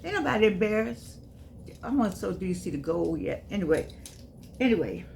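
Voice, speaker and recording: A woman's voice: mid-range voice, big pitch swings, moderate pace, gravelly, a little mellow, slight background noise. A woman in her eighties giving a casual spoken reflection, folksy and emphatic, often repeating herself. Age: 80s. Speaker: vlogger.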